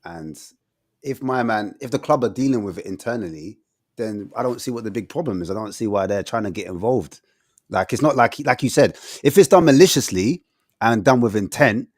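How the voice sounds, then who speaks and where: Host keeping the chat moving, lively pitch, dry close mic. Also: male voice, brisk, no echo. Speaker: podcast host. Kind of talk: casual football chat.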